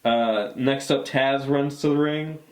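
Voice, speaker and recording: A man co-hosting a casual chat, relaxed as he plainly retells the events. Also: mid-range voice, slow pace. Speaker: podcast co-host. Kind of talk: casual chat recapping wrestling.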